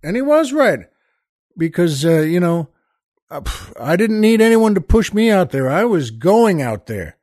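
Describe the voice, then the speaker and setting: A man, a comedian, telling an animated backstage anecdote and acting out the other people in it. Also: high-pitched, a little slow, no echo, studio quality. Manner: animated, acts out quoted voices, shifts between hushed and loud. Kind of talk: storytelling anecdote.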